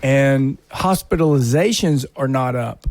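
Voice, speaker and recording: A man's voice: mid-range voice, unhurried, darkish tone, dry recording. A man hosting a podcast, rambling and wry in casual banter. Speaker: podcast host.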